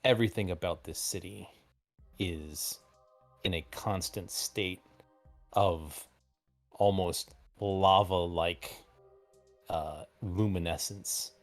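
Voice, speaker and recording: Low-voiced man narrating as game master. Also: steady tone, soft background music. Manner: rambling, halting descriptions with many fillers.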